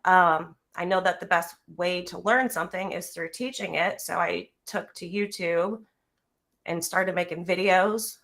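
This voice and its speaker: A woman's voice: lowish voice, a little slow, gravelly, a bit bright. A woman giving an emotional tribute on a livestream video call, nervous and close to tears, earnest and heartfelt. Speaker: guest speaker.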